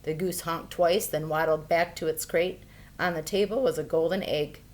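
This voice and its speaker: A woman reading a fairy tale aloud for children, expressive and playful. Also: low voice, moderate pace. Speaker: storyteller. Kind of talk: children's storybook read-aloud.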